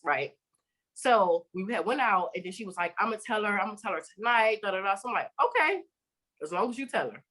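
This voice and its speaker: Animated woman telling a story. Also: mid-range voice, a little fast, rough recording. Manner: animated storytelling, acting out dialogue, swearing. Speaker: podcast host. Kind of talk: casual chat.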